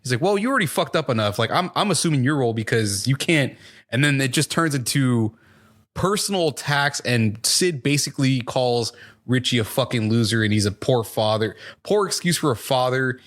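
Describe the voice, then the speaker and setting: A man's voice: medium pitch, expressive, brisk, fairly bright tone. A man co-hosting a review podcast, recapping episodes in a rambling, profane, casual way. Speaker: podcast co-host reviewing a TV show.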